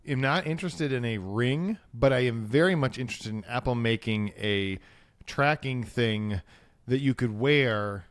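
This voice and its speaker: A man's voice: mid-range voice, clean tone, dry recording. Male podcast co-host, casual chat, thinks aloud, hesitant restarts.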